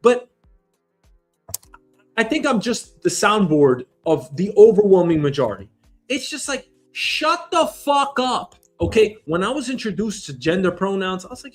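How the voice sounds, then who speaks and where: A man's voice: high-pitched, a little mellow. A man hosting a show, ranting incredulously and swearing a lot in comedic commentary. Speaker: show host.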